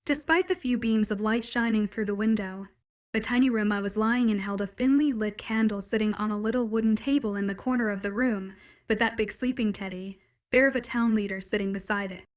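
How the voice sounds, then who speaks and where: A woman narrates a first-person fantasy story as a measured, dramatic inner monologue. Her voice rests at an everyday mid pitch, and she reads like a steady storyteller.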